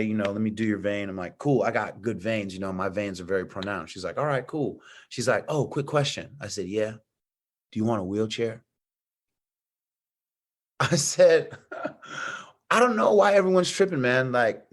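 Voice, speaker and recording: Lowish-voiced man telling a story animatedly. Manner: animated, acts out others' lines with slang. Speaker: podcast guest. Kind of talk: casual storytelling.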